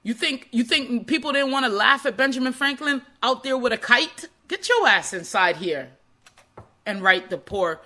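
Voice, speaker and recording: A woman speaking in an animated motivational monologue, acting out quoted voices as she goes. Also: fairly high pitch, moderate pace.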